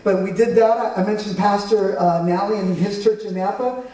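A man's voice: high-pitched, fairly even intonation, moderate pace, dark tone, recorded from a distance. Earnest man in an echoey room. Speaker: guest recounting a trip. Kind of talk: casual conversational recounting.

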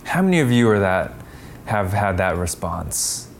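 A man preaching a sermon, animated, acting out quoted lines with a raised, louder voice. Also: a little slow, gravelly, slight background noise. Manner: animated, acts out quotes with rising pitch and loudness. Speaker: pastor.

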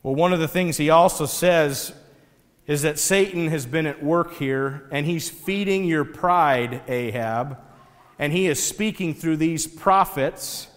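Animated male preacher in a big echoing hall. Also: a little high, measured pace. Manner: animated storytelling, conversational. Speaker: pastor. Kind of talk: sermon.

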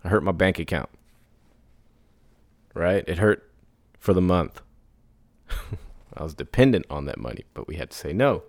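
A man hosting a solo podcast, telling business stories in a casual, animated way, acting out others in high put-on voices and laughing between lines. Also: normal speed, long pauses, no room sound. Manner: laughs and sighs often. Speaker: podcast host.

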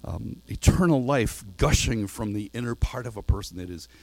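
A man's voice: on the low side, expressive, normal speed. A man preaching a sermon in an earnest way, at times reading a passage from a storybook aloud.

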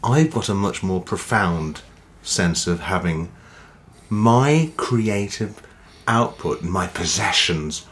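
A man's voice: deep voice, animated, slow pace, a bit bright. A man co-hosting a comedy podcast, rambling in a dry, sweary way and laughing mid-sentence. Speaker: podcast co-host. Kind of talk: casual comedy chat.

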